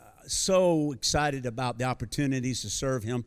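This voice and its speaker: With a clear, resonant mid-range voice at a moderate pace, a visiting pastor in his sixties, an American, preaches live to a congregation in church. He talks in a folksy, jokey style, frequently restarting and using fillers.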